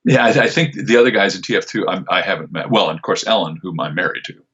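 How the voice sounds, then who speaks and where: A man's voice: deep voice, quick pace, a bit bright, husky, lo-fi sound. An older man, a voice actor, chatting in an interview with a rambling, restart-heavy manner. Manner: rambling, many fillers and restarts. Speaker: voice actor, guest. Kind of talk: casual interview answers.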